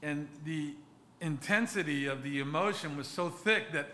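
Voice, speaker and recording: Bright-voiced pastor preaching earnestly. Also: male voice, fairly high pitch, slight background noise. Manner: earnest, halting, with many restarts and repeated words. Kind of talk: sermon.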